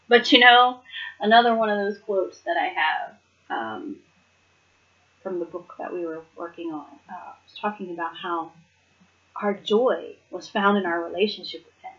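A woman's voice: medium pitch, measured pace, pauses often, highs cut off. A woman giving a casual, earnest devotional talk. She reads scripture aloud and reflects on it, often laughing lightly between points. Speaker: Bible study speaker.

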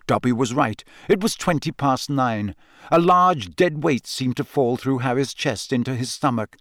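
A man narrating an audiobook in an expressive reading style. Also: medium pitch, a little slow, no room sound, studio quality. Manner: expressive, voices characters. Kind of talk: scripted narration.

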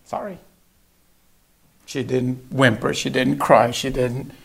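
A man's voice: mid-range voice, flat delivery, a little slow, creaky, a bit bright, husky. A middle-aged man preaching a sermon, telling a family story and acting out the voices of his family. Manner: storytelling, acts out family dialogue.

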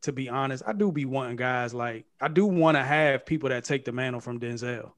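A man in a casual podcast discussion, thoughtful and measured, often trailing off quietly. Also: medium pitch.

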